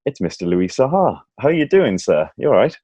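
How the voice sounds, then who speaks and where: A man's voice: mid-range voice, big pitch swings, brisk, dark tone, slightly rough, dry recording, dull audio. A man hosting a casual sports podcast, chatty and self-mocking, laughing often. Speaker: podcast host.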